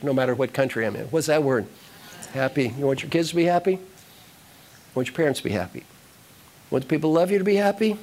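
A man giving a live motivational talk to an audience, animated and repetitive, giving direct instructions. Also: medium pitch. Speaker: motivational speaker.

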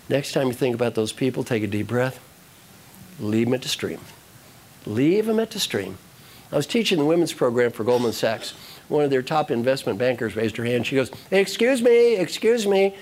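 A man giving a live motivational talk to an audience, animated and repetitive, giving direct instructions. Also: medium pitch, fairly quick. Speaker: motivational speaker.

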